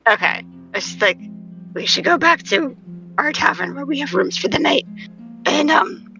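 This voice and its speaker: A woman from Boston at a tabletop game, with a bright, fairly high voice. She calmly describes what her character does. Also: moderate pace, creaky, muffled recording, faint music behind. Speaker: player.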